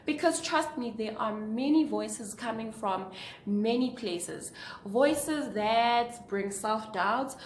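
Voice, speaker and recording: A young woman vlogger giving an earnest, preachy motivational talk to camera, asking her viewers question after question. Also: takes it slowly. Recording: echoey room with faint rumble.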